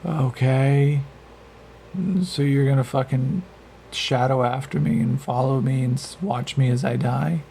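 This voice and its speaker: A man's voice: mid-range voice, fairly even intonation, creaky, warm tone, slight background noise, poor audio. A man doing a foul-mouthed, brash warrior. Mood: wary, defiant. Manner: profane, blunt, rapid outbursts.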